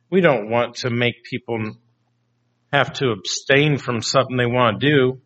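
A man preaching a sermon, slow and deliberate, often putting questions to his congregation. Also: medium pitch, a bit bright. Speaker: pastor. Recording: dull lo-fi recording.

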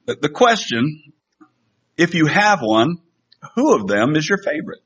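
A man's voice: a little high, very animated, unhurried, a bit bright, husky. A middle-aged man preaching a sermon to a congregation in a conversational, self-deprecating way, with fillers and restarts. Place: church sanctuary. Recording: slightly dull lo-fi sound.

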